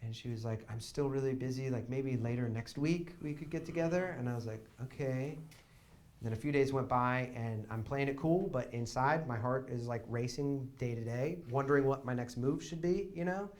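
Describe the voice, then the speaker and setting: A young man telling a long comic story on a theater stage, chatty and wry, shouting quoted lines for effect. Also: medium pitch, normal speed. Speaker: comedian. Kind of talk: live storytelling stand-up. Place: small theater stage with audience.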